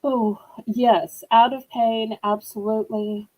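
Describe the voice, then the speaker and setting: A woman from New Orleans runs a live-stream auction, chatting to her viewers in a sympathetic, talkative way. Her voice sits a little high and has a mellow, darker tone. She takes her time, speaking at a very slow, unhurried pace. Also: fairly even intonation, poor audio. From New Orleans, USA.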